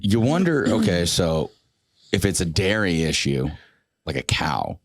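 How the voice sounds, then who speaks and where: A man's voice: deep voice, very animated, measured pace, dry recording, clean studio sound. A man co-hosting a podcast in casual chat, musing aloud and asking offbeat questions. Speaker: podcast co-host.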